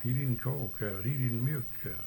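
An older man, giving short, plainspoken answers in a relaxed dialect interview. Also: mid-range voice, moderate pace, gravelly, slight background noise, poor audio. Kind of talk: casual rural dialect interview.

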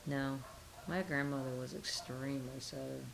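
A woman's voice: a bass voice, steady tone, normal speed, gravelly, crowd noise, rough recording. A middle-aged woman being interviewed, talking casually and musing with rhetorical questions.

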